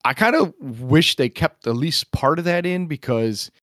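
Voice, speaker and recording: A man's voice: on the high side, lively intonation, measured pace, fairly bright tone, no room sound, studio quality. Laid-back man chatting on a podcast. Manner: chuckling, self-deprecating, reads script aloud. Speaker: podcast co-host. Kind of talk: casual chat about a film.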